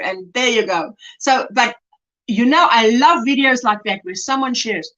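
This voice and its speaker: A woman from South Africa hosting a casual crochet livestream, chatting warmly and laughing often as she reads out viewer comments. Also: fairly high pitch, normal speed. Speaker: livestream host.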